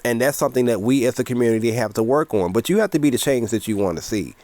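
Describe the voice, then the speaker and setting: A man's voice: mid-range voice, quick pace, darkish tone, dry recording. Earnest man giving casual commentary. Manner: earnest, rambling with fillers. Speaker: commentary vlogger.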